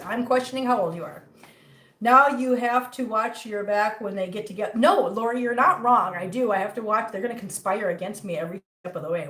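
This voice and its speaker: Woman, middle-aged, casual livestream host, chatty, teasing, slightly high voice, echoey home room. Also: a bit bright. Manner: chatty, teasing, reads viewer comments aloud. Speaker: cat channel host.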